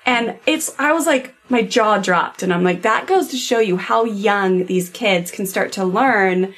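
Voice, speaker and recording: A woman's voice: mid-range voice, unhurried. Enthusiastic woman host chatting. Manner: enthusiastic, animated storyteller. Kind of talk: casual podcast conversation.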